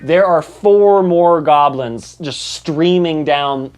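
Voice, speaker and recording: A man's voice: a little high, slow. A man narrating as game master in a casual, profane storytelling style, with sound effects.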